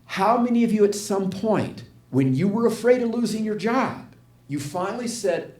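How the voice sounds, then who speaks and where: An older man telling a story in an inspirational talk, his voice rising and falling in a lively way as he acts out each line of dialogue. He sits fairly high for a man. The sound carries the echo of a hall. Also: normal speed. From United States. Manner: animated storyteller, acts out quotes, asks the audience questions. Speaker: guest speaker at a spiritual community. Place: church hall with audience. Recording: echoey hall.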